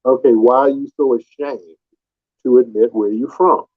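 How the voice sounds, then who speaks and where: A man's voice: medium pitch, steady tone, normal speed, husky. A man hosting a live call-in audio stream, talking in a mocking, taunting way and repeating his questions, heard through muffled lo-fi stream audio. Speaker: live audio room host. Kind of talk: combative live call-in talk.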